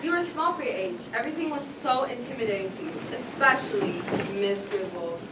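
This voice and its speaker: A woman's voice: fairly high pitch, sing-song, brisk. A woman narrating a stage play in the second person with dramatic, wry storytelling. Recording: echoey stage, far mic, loud noise.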